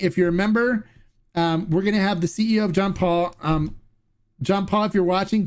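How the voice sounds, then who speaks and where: A man hosting a casual tequila review livestream, excitable and chatty, laughing often and restarting his sentences. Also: high voice, clear, resonant tone.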